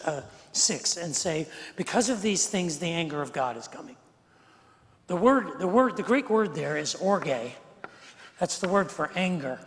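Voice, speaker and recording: A middle-aged man preaching a sermon as pastor, talking in a conversational way that swings from quiet to emphatic and repeats words as he goes. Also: high-pitched. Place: large church sanctuary. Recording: long hall reverb from the sanctuary.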